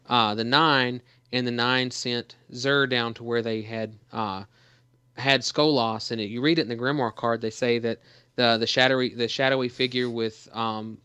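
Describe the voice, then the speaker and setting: A man's voice: medium pitch, pushed and bright, smooth, no echo. A man co-hosting a gaming podcast, talking in a rambling casual way with lots of fillers and restarts. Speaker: podcast co-host.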